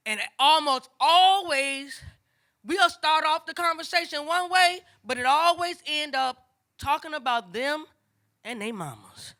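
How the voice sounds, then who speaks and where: A woman's voice: high-pitched, unhurried. An older woman with telling a family story on stage, conversational and acting out voices of her relatives. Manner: animated, acts out family voices, casual and conversational. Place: stage before a live audience.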